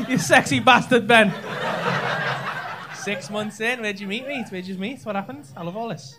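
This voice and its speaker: A very animated man with a high voice talks a little fast as a stand-up comic bantering with the crowd. His teasing is brash and full of swearing, and the live club recording is filled with heavy noise and audience laughter.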